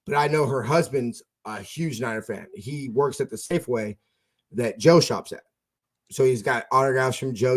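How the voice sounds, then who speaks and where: A man hosting a casual fan podcast over an internet call, telling rambling stories full of fillers and restarts. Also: mid-range voice. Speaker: podcast host.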